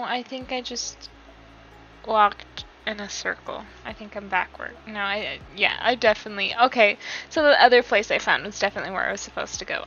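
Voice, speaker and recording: A woman's voice: medium pitch, sharp tone. A young woman casually commenting on her game, giggly and self-deprecating as she talks to herself. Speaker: gaming YouTuber. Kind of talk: casual let's-play commentary with dialogue read-alouds. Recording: slightly dull home mic with game music behind.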